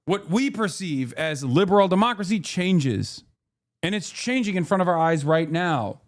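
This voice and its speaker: A man's voice: sits high, lively intonation, normal speed. A man livestreaming his reactions to news clips, ranting in a heated, profane and sarcastic way. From United States. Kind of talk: live reaction commentary.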